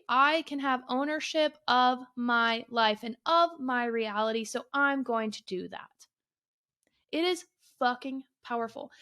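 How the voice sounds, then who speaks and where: A young woman holds forth alone on her podcast, her voice pitched high. She talks bluntly and emphatically, swears freely and hammers each point home by saying it again. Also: a bit bright. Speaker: podcast host. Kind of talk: solo podcast rant.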